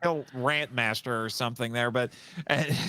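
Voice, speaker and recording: A man's voice: mid-range voice, steady tone, normal speed, sharp tone, clean tone. A man co-hosting a podcast, chatting casually and meandering, laughing easily. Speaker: podcast co-host.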